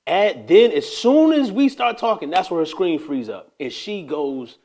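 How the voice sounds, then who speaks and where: Give me a man with a fairly high voice telling a lively faith story on a live stream. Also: measured pace. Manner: animated storyteller who preaches as he goes. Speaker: host. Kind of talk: casual faith talk, storytelling.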